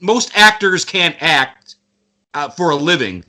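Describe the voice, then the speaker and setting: A man guests on a casual movie podcast, winding through his points with restarts and playful mock quotes. His voice is high for a man and very bright, with a sharp edge to it. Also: big pitch swings, takes it slowly.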